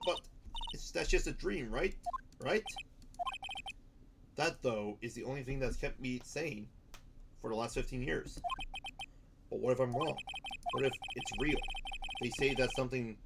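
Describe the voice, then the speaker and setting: A man's voice: mid-range voice, vocal fry, heavy background noise. A man hosting a let's play, reading the game's dialogue aloud dramatically and often stumbling and correcting himself. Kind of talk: reading game text aloud. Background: game music.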